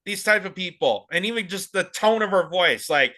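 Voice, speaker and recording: A man's voice: sits high, animated, moderate pace, hardly any pauses, bright, forceful tone. A man hosting political commentary, ranting in a heated, sarcastic way. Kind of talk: opinionated commentary.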